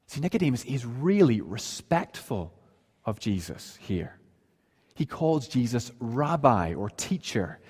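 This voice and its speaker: A male pastor preaches in an earnest, explanatory way, often posing rhetorical questions. His voice sits at an ordinary middle pitch. A long reverb from the church sanctuary trails behind his words. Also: darkish tone. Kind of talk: sermon. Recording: long reverb of a large hall.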